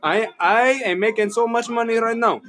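A man's voice: very high-pitched, steady tone, moderate pace, fairly bright tone, faint music behind. A man voicing a boastful middle-aged liquor store owner who brags insistently and keeps calling people buddy. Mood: bragging.

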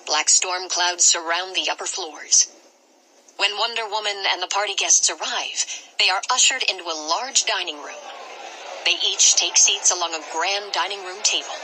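A woman narrating an interactive storybook adventure in an expressive way, pausing dramatically before each choice. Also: on the low side, a little hiss or hum, rough recording.

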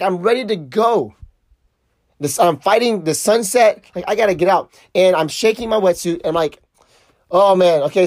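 A middle-aged man hosting a podcast, telling a story in a casual, profane, animated way. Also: sits high, no room sound, clean studio sound. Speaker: podcast host.

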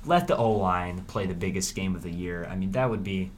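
A man hosting a casual sports preview, rambling and animated with frequent restarts. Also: low voice, a little fast, slight background noise. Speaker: sports podcast host.

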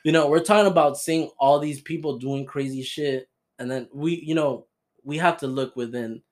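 Young male podcast host from Florida, a touch high-pitched, loose and profane storyteller. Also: normal speed. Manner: swearing, laughing storyteller. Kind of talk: casual chat.

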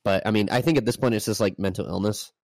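A male co-host with a very deep, gravelly voice, talking bluntly and dismissively. He sounds dry and close to the mic. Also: quick pace, no room sound. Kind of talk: casual comedic podcast banter.

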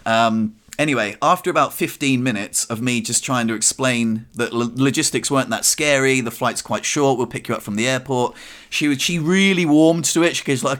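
A man's voice: medium pitch, moderate pace, fairly bright tone. A man on a podcast, chatting casually and acting out the voices of his family as he tells a story. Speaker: podcast co-host.

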